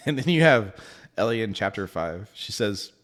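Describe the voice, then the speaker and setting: A man casually reviewing a book, animated and laughing often, with the odd swear word. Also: lowish voice, normal speed.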